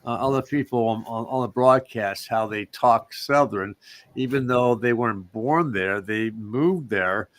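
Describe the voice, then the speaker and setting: A man's voice: mid-range voice, a little slow. A man co-hosting a casual chat show, talking in a rambling, meandering way. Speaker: co-host.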